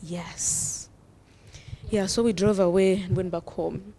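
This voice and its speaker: A woman's voice: fairly low pitch, steady tone, slow, mellow. A young woman, a guest telling her own story earnestly and often laughing through it. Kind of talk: personal storytelling.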